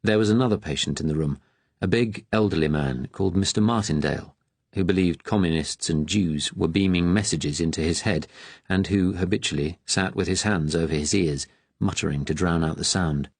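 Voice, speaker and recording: A man reading a novel aloud in a measured, grave manner. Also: low-pitched, slightly rough, dry recording. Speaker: audiobook narrator. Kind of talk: scripted narration.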